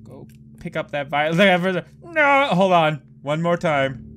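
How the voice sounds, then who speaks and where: A man giving let's play commentary on a horror game, excitable and prone to profane outbursts. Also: fairly high pitch, slow, soft background music. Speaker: gameplay commentator.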